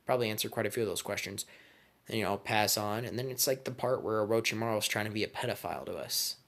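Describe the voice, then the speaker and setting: Young man, low voice, crude slang, rambling comedic storytelling. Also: gravelly, fairly bright tone. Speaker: vlogger.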